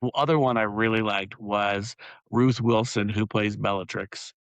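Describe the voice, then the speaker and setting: A man's voice: lowish voice, steady tone, normal speed, no room sound, rough recording. A man co-hosting a podcast, chatting casually and rambling with many fillers and laughs. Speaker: podcast co-host. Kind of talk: casual chat.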